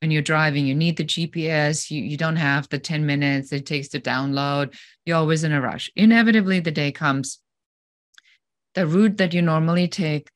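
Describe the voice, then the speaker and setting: Woman podcast guest, deep voice, dry close sound, acts out anecdotes with energy. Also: dry recording. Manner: animated storyteller, acting out scenarios. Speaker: podcast guest, business growth advisor. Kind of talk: conversational interview.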